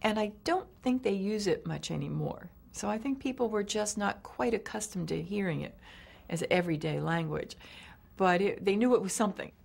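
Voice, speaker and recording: A woman's voice: mid-range voice, lively intonation, moderate pace, creaky, darkish tone, breathy edge. A woman in her sixties, an actress, recalling her past work cheerfully in an interview. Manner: cheerful, laughs while recalling. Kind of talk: interview recollection.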